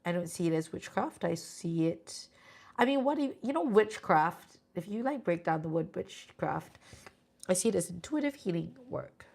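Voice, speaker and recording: A woman's voice: fairly low pitch, expressive, normal speed, vocal fry, a little mellow. A Singaporean woman doing tarot readings on a live stream, chatty and reassuring with viewers. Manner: chatty, reassuring, sprinkles "lah". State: sleepy, yawning.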